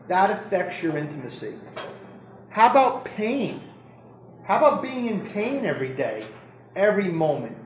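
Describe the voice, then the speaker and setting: A doctor giving an informal medical lecture to an audience, talking conversationally, joking and putting questions to the listeners. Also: male voice, high voice. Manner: conversational, jokey, keeps asking the audience questions. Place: lecture room. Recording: roomy echo with faint background noise.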